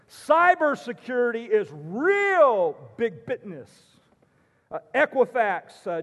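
High-voiced pastor in a reverberant hall. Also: male voice. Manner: preachy, folksy storytelling with frequent "uh" fillers. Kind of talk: sermon.

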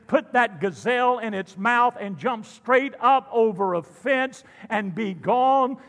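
A man preaching a sermon, animated and jokey, calling out to the congregation. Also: very high voice, slow pace, big-room sound. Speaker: pastor.

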